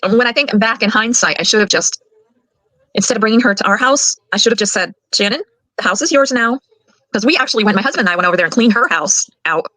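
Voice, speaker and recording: An older woman and grandmother giving her side of a family conflict, fast and indignant, getting worked up as she talks. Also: medium pitch, animated, sharp tone, dry recording, poor audio. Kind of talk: emotional recorded account.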